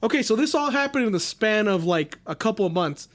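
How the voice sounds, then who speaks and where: High-voiced man narrating a true-crime case. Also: animated, brisk, fairly bright tone. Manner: reads case notes loosely, swears, laughs often. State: sick, under the weather. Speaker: podcast host. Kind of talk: casual true-crime chat.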